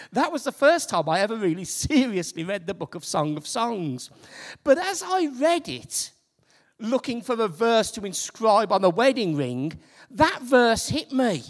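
A man in his fifties with a Birmingham accent preaching a sermon, swinging from loud emphasis down to soft near-whispers. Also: high voice. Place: church hall. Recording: reverberant hall.

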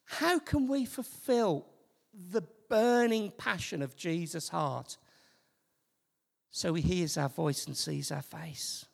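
A man in his fifties with a Birmingham accent preaching a sermon, swinging from loud emphasis down to soft near-whispers. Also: high-pitched, slow, gravelly. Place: church hall. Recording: reverberant hall.

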